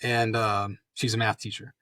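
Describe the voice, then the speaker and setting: A man's voice: fairly low pitch, level tone, normal speed, pushed and bright, no room sound, studio quality. A man in his fifties, a retired army colonel, telling rambling anecdotes full of fillers in a casual interview. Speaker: guest, retired Special Forces colonel.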